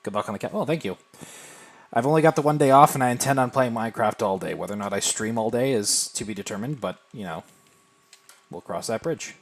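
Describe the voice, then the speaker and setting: A man casually chatting on a live game stream, thinking aloud and answering viewers in a relaxed, self-deprecating way. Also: mid-range voice, fast talker. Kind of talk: casual live-stream chat while playing.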